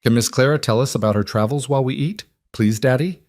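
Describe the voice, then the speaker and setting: A man's voice: medium pitch, quick pace, a little mellow, no echo, clean studio sound, pitched above the performer's own voice, natural voice. A man voicing a curious, chatty little girl in a storybook reading, full of eager questions.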